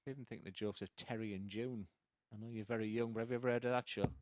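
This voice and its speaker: A man's voice: fairly low pitch, fairly even intonation, very fast, dry recording. A man giving live darts commentary, chatty and opinionated, teasing his co-commentator from the commentary box.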